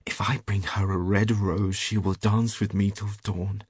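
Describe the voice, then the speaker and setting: A man voicing a lovesick young student from a storybook, mourning that he cannot win his love. The voice is very deep and husky, and it sits close and dry with no room around it. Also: little pitch movement, measured pace, dry recording. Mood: lovelorn.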